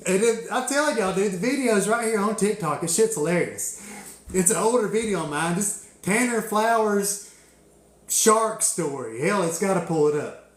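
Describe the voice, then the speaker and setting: A man's voice: high voice, moderate pace. A young man telling stories on a casual live stream, cursing freely and laughing often. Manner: profane, laughing, drawling storyteller. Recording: echoey room.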